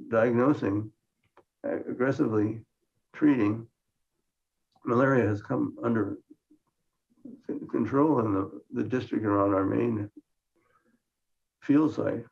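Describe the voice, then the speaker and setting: Slow and gravelly with frequent pauses, this older Minnesotan, from the United States, speaks in a mid-range, slightly mellow voice during a slide-based science conference lecture. He restarts phrases often and brings a dry, low-key wit, captured in a muffled lo-fi recording.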